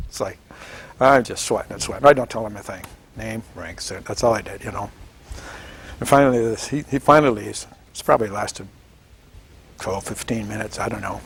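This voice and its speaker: A gravelly-voiced man in his seventies from Washington State, recounting his memories in an oral history interview. He tells it in a lively storytelling way, acting out quoted voices and chuckling often. A faint hiss sits behind his voice. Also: medium pitch. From Washington State, United States. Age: 70s. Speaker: veteran interviewee.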